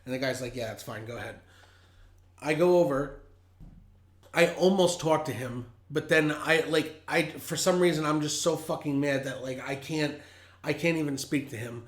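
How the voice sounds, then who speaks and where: A man's voice: on the high side, fairly even intonation, normal speed. Profane, heated storyteller man. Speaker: podcast host. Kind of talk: casual storytelling. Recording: roomy echo.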